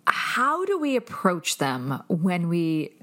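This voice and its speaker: A woman's voice: fairly low pitch, huge pitch swings, slow, pushed and bright. A woman hosting a conversation, encouraging her guest and asking follow-up questions. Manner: encouraging, laughs along, asks follow-up questions. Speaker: host. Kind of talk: interviewing a guest.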